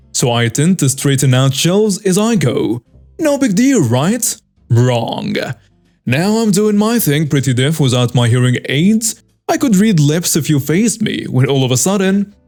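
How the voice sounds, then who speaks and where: A man narrating a first-person story in a steady storytelling manner. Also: fairly high pitch. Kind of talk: scripted narration.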